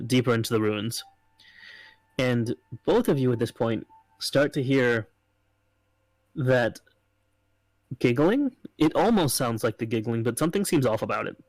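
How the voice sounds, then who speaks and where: Male game master, relaxed rambling narration, dry close mic. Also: medium pitch, no room sound, rough recording. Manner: casual, filler-heavy narration.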